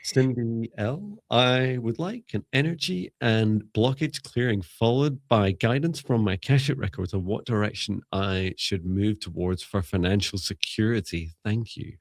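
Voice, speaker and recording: A man with a low, gravelly voice chats on a live stream, rambling and musing and breaking into laughter. The sound is dry and close, with no room echo. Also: a little slow, few pauses. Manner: rambling, musing, laughs often, self-correcting. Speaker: psychic mentor and live show co-host. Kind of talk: casual live-stream chat.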